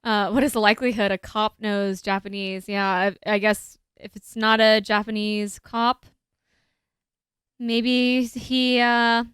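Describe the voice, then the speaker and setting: A woman's voice: medium pitch, level tone, slow pace, fairly bright tone, smooth, no room sound. A young woman streamer giving playful, giggly let's-play commentary while reading game dialogue aloud.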